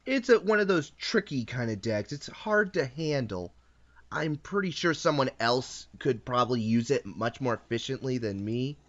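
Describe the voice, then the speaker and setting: A man's voice: mid-range voice, expressive, normal speed, dull audio. Playful man calling his card game moves. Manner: explains each move, playful taunts, frequent self-corrections. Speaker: host and card game player. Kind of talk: casual commentary while playing an online card game.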